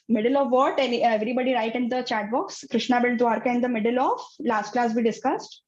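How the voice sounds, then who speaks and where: A woman telling a story to an online kids class, halting and full of fillers. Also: fairly high pitch, darkish tone, highs cut off. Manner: halting, many fillers and restarts. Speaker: teacher.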